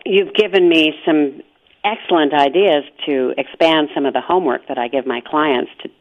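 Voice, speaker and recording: A woman's voice: deep voice, normal speed, slight background noise. A woman hosting a radio talk show who works as a therapist, affirming her guest with frequent agreeing murmurs. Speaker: radio host and sex therapist. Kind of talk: radio interview. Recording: slightly dull lo-fi radio audio.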